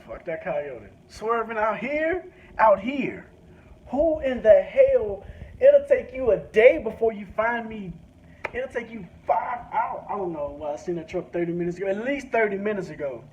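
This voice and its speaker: This vlogger, a man from a rural country town, tells a crude, swearing story while he drives, animated throughout. His voice is high-pitched at a moderate pace, and the audio sounds dull and lo-fi with faint noise.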